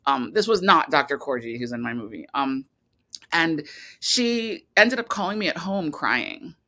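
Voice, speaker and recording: A woman's voice: low-pitched, expressive, unhurried, bright, forceful tone. A woman filmmaker talking casually as an interview guest, rambling with many restarts and fillers.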